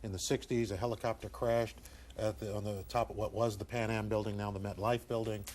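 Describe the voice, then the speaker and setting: A man, a regular on a news show, chiming in with quick conversational asides. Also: on the low side, flat delivery, darkish tone.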